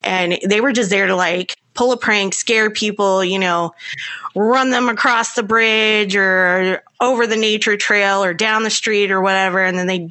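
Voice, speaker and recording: A woman's voice: mid-range voice, fairly even intonation, unhurried, pushed and bright, no echo. A woman co-hosting a podcast, chatting in a rambling, playful way with lots of fillers. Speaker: podcast co-host. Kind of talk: casual chat.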